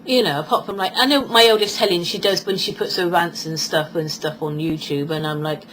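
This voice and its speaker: Speaking briskly in a lowish, fairly even, fairly bright voice, a British woman in her forties delivers a rambling vlog monologue. She chats freely and mimics other people as she quotes them; the poor audio has a little hiss or hum.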